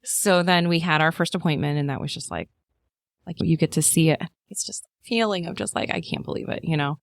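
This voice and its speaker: A woman in her thirties, a podcast guest telling her birth story in a chatty way, with lots of fillers and lively quoting of people. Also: low voice, fairly quick, creaky, dry recording, clean studio sound. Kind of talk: casual chat.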